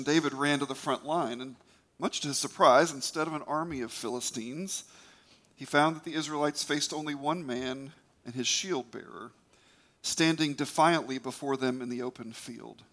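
A man's voice: medium pitch, fairly bright tone. A man retelling a scripture story as a preacher, emphatic, with occasional stumbles.

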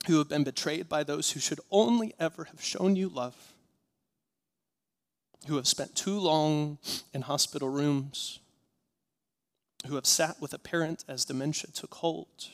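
Male pastor, sermon; earnest, repetitive cadence, hushed to fervent, slightly high-pitched. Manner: earnest, rhythmic repetition, swinging from hushed to impassioned.

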